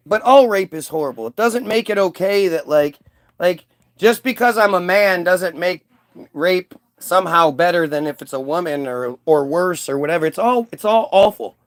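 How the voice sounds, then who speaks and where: High-voiced man ranting, heated and profane. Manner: heated, profane, many restarts. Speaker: livestream host. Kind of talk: casual rant to a live chat.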